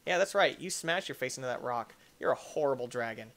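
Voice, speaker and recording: A man hosting a let's-play, giving jokey, excitable commentary and yelling at the game. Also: mid-range voice, quick pace, few pauses. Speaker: gaming channel host.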